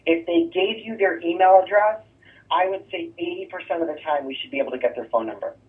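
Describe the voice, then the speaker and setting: A man gives a real estate sales lesson in a coaching tone, tossing in quick "right?" checks as he walks through his scripts. His voice sits a little high for a man. The recording is narrow and phone-like, and he sounds set back from the microphone. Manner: coaching, rhetorical "right?" asides. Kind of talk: sales training talk. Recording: thin phone-like distant sound.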